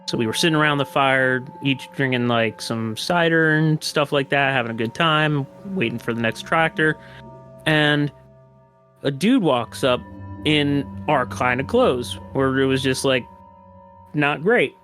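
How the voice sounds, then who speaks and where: A man's voice: mid-range voice, a little slow, a bit bright, soft background music. A man guesting on a podcast, telling a story in a casual, rambling way with lots of fillers, restarts and swearing.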